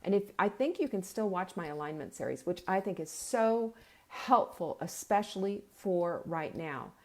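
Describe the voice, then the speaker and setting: A woman's voice: lowish voice, animated, normal speed. A middle-aged woman hosting a live meal-planning show, giving an earnest, urging pep talk, at times tearful.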